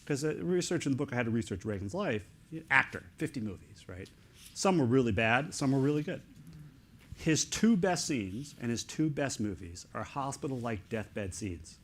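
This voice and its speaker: A middle-aged man, an author speaking as an interview guest, telling a story in excited, animated bursts of short fragments. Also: mid-range voice, normal speed.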